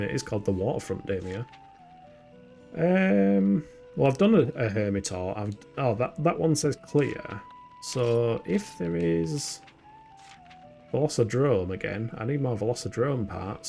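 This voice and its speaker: A young man from Yorkshire, England streams a game with faint music behind him, his medium-pitched voice warm, expressive, a little slow, and touched with vocal fry. He chats with viewers, mocks himself, and mutters as he plays.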